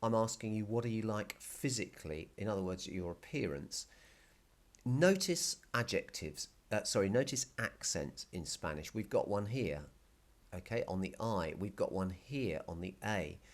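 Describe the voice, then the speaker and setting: A male Spanish teacher explaining a recorded video lesson patiently, repeating key words slowly. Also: lowish voice, lively intonation.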